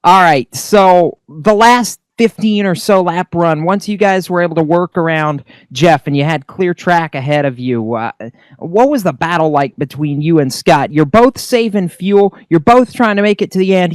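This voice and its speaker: A chatty man works victory lane on an online racing broadcast and asks long, friendly questions. His voice is smooth and clear, recorded close and dry. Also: sits high, no echo. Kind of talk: sim racing broadcast interview.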